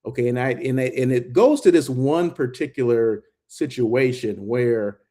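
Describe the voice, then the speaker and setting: A man's voice: mid-range voice, a little slow. Chatty man vlogging while he walks. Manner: chatty, excitable, many asides and "right?" tags. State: out of breath while walking. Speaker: hotel industry vlogger. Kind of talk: casual vlog walkthrough and talk. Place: hotel grounds, indoors and out.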